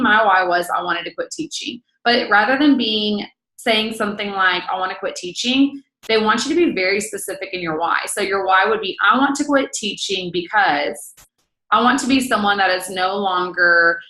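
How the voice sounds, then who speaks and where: Woman, 30s, group leader, casual talk, blunt, matter-of-fact, bright tone, echoing room. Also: mid-range voice. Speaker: team leader hosting a book study.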